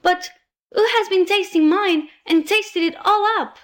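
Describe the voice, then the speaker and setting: Tiny squeaky storybook bear cub, tearful and cross, very high, voiced by a woman. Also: measured pace. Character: small weepy angry male bear cub.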